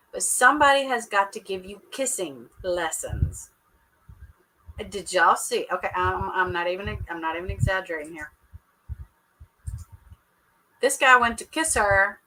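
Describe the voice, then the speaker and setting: A woman's voice: medium pitch, sharp tone, low-quality recording. A woman hosting a casual live reaction chat, talking to viewers in a teasing, chatty way and laughing often. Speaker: show reaction host.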